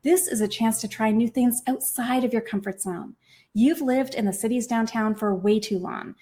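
A woman's voice: on the high side, moderate pace, dark tone, natural voice. A woman reading aloud, voicing an upbeat, pushy young woman friend who talks cheerfully and coaxingly.

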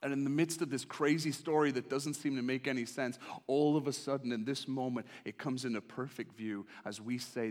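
A man preaching a sermon in a conversational, animated storytelling style. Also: medium pitch, fairly quick, hardly any pauses. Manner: animated, conversational, acts out characters.

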